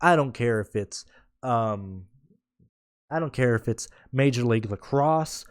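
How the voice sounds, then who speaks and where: A man's voice: medium pitch, animated, measured pace, smooth, dry recording, clean studio sound. A man ranting in a casual podcast, blunt and sarcastic, swearing freely and rambling with restarts. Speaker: podcast host. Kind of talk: casual rant.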